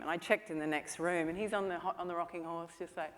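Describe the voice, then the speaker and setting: A woman speaks from a conference stage, sharing anecdotes about her work in a loose, chatty way full of fillers. Her voice sits a little low. A long reverb from the hall trails after her words. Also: fairly even intonation, fairly quick, hardly any pauses. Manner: chatty storytelling, many "you know" fillers. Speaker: film director giving a talk.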